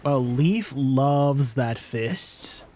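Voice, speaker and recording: A man's voice: mid-range voice, extremely slow, dark tone, slight background noise. A man streaming a game, chatting casually and rambling, often asking his chat questions and laughing easily.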